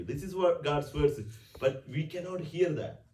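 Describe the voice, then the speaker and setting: A man's voice: on the high side, lively intonation, normal speed, dark tone, slight background noise. A man preaching a conversational weekday homily as a priest, with frequent restarts and rhetorical questions. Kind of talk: sermon. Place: church. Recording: roomy church sound from a distant mic.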